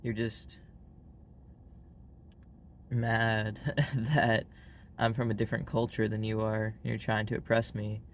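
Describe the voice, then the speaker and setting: A man with a Southern US drawl, talking bluntly and plainly as he rambles to the camera. His pitch stays level and even from start to finish. A faint hiss of noise sits under his voice. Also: slow, long pauses. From Arkansas, US. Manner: blunt and frank, heavy use of "like" fillers. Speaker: vlogger. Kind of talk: casual monologue to camera.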